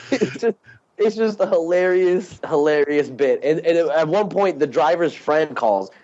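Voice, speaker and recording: A man's voice: fairly high pitch, lively intonation, a little slow, a little mellow. A man co-hosting a podcast, telling a long rambling story in casual chat, swearing and laughing as he goes. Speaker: podcast co-host. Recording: dull lo-fi podcast audio.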